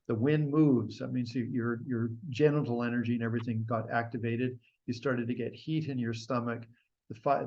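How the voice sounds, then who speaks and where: A man teaching Buddhist practice, explaining in a relaxed, rambling way with many restarts. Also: mid-range voice, lo-fi sound. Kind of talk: recorded dharma teaching.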